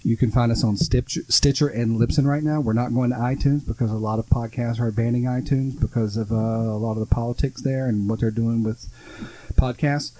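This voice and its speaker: A man's voice: mid-range voice, fairly even intonation, brisk, mellow, poor audio. Blunt sarcastic podcast guy. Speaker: podcast co-host. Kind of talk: casual podcast chat.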